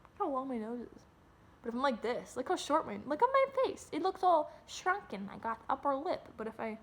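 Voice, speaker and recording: A woman's voice: sits high, animated, normal speed. Young woman rambling into her phone. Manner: rambling and candid, swears freely, restarts often. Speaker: vlogger. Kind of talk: casual rambling monologue to camera. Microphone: phone camera.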